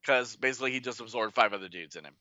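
A man's voice: medium pitch, rapid-fire, pushed and bright, no room sound, lo-fi sound. A man co-hosting a podcast who recaps a story in casual chat with wry, jokey asides. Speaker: podcast co-host.

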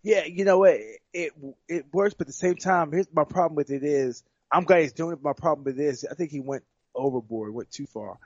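A man with a somewhat high voice talks through a fight in loose, rambling sports chat, circling back and repeating his words as he goes. The sound is dull and dry, with no room around it. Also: fairly quick, hardly any pauses, a little mellow, no room sound. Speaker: fighter guest.

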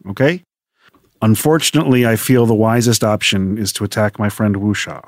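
A man's voice: on the low side, fairly even intonation, normal speed, no echo, clean studio sound. A man playing a tabletop role-playing game, describing his character's actions in a casual, wry way. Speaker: player.

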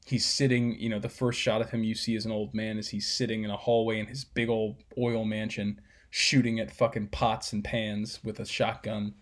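A man's voice: on the low side, flat delivery, moderate pace. A man casually breaking down a film scene, rambling with fillers and swearing.

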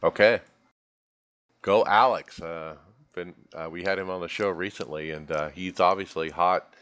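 A man hosting a sim racing podcast in a relaxed, casual way, handing topics off to his co-hosts. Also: sits low, measured pace, clean tone. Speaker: podcast host.

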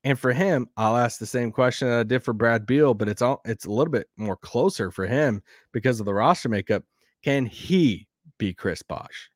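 A man with a Southern accent hosting a sports podcast, rambling and animated, laughing now and then. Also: mid-range voice, moderate pace, dry recording, clean studio sound. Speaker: podcast host. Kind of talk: casual sports talk.

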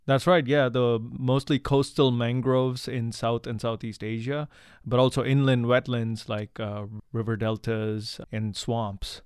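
A man from India speaks as an interview guest with a smooth, resonant, mid-range voice. He explains earnestly and pauses on "uh" and "um" as he restarts his sentences. The recording is close and dry, with no room echo. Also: mid-range voice, little pitch movement, a little mellow. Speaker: wildlife researcher and conservationist guest. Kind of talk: conversational interview answers.

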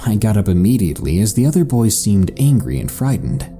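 A man with a low, very dark and mellow voice tells a horror story in a slow, suspenseful way, letting his pitch rise and fall a great deal. A soft music bed plays faintly behind him. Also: big pitch swings. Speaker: horror podcast narrator. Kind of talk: scripted first-person story narration.

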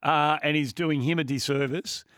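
A man's voice: a little high, fairly even intonation, normal speed, a bit bright, dry recording, studio quality. A man with an Australian accent co-hosting sports radio, needling his colleagues with exasperated teasing. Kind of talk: casual sports radio banter.

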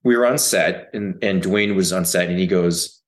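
A man who is an actor, a guest on a podcast, telling stories in a loose, profane, animated way. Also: low voice, moderate pace. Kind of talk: casual interview chat.

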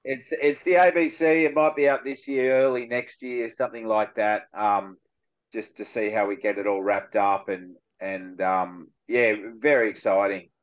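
A male actor with an Australian accent, a guest on a radio show, telling stories in relaxed chat and laughing easily. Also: lowish voice, moderate pace, muffled recording.

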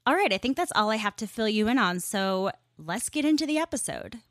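A woman in her thirties hosting a podcast, telling a story in a chatty, animated way. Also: mid-range voice, fairly quick, no room sound, studio quality. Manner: chatty and animated, laughs as she talks. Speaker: podcast host.

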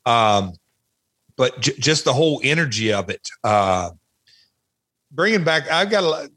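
A middle-aged man talking as a podcast guest, reminiscing in an animated way with many fillers and restarts. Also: mid-range voice, unhurried. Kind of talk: casual chat, reminiscing.

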